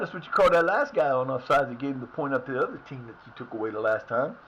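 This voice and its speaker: A man streaming a football management game live, cursing and shouting at his players. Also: medium pitch, fast talker, few pauses, a little hiss or hum, rough recording. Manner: animated, swears, yells at the game. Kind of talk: live gameplay commentary.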